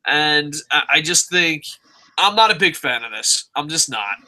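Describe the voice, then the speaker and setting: A man's voice: fairly high pitch, expressive, a little slow, sharp tone. A young man co-hosting a casual wrestling review podcast, swearing constantly and acting out his reactions in profane rants. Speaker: podcast co-host.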